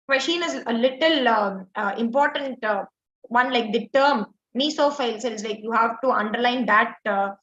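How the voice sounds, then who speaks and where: A woman's voice: sits high, a bit bright. A woman teacher walking through exam answers, explaining step by step with frequent "like" and "uh" fillers. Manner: explanatory, filler-heavy, says "like" and "uh" often. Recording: echoey dull lo-fi audio.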